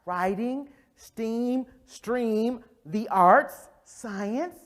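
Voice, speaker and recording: A woman presenting a professional development session to educators, lively, often checking in with "right?". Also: fairly high pitch, extremely slow. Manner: animated, acts out quoted voices, frequent "right?" check-ins. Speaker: conference presenter on early childhood education. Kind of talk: interactive professional development talk. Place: conference session room.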